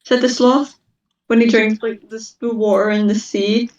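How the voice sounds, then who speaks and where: Teen girl co-hosting, rambly and giggly, bit high, roomy and dull off-mic sound. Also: little pitch movement, normal speed, a little mellow, distant mic. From Scotland. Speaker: co-host. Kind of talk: casual chat.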